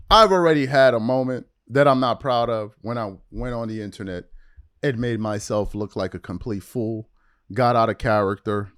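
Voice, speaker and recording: A man hosting a sports podcast, delivering a heated, mocking rant full of trash talk. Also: medium pitch. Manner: mocking, animated, trash-talking.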